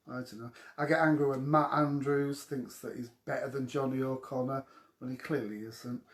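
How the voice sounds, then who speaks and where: A man's voice: mid-range voice, fairly even intonation, normal speed. A man hosting a casual live question-and-answer show from home, with cheeky, gossipy banter aimed at his viewers. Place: at home during lockdown. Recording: echoey room.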